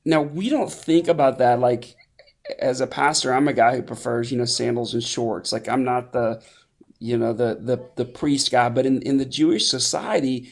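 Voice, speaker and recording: A pastor giving a conversational sermon, with frequent restarts and fillers. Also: male voice, medium pitch, normal speed, gravelly.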